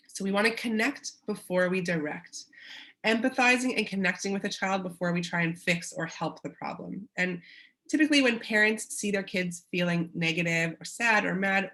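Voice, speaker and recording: Canadian woman presenting a parenting webinar. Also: medium pitch. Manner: warm, encouraging, acts out short quotes.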